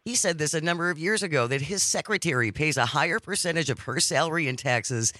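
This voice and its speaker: A man's voice: on the high side, expressive, fast, sharp tone, dry recording, studio quality. A man hosting a talk radio interview, joking with sarcastic asides. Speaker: radio talk show host.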